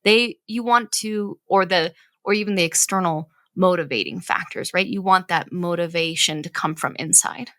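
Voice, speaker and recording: In a relaxed parenting conversation on her podcast, a mother in her thirties explains her ideas earnestly and keeps checking in with "right?". Her lowish, slightly bright voice moves at a moderate pace with few pauses, recorded dry.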